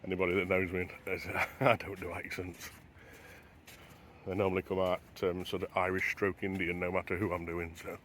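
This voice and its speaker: A man's voice: low-pitched, monotone, moderate pace, a bit bright, a little hiss or hum. A man vlogging as he walks a beach at sunrise, chatting to camera and wondering aloud as he goes. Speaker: travel vlogger. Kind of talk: casual walking narration to camera. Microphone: handheld camera while walking.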